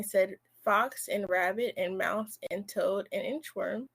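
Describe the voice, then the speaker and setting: A woman's voice: medium pitch, takes it slowly, vocal fry, few pauses, slightly rough. Teen girl reading a picture book aloud. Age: teens. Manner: reads steadily, correcting slips as she goes. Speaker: student volunteer reader. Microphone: video call.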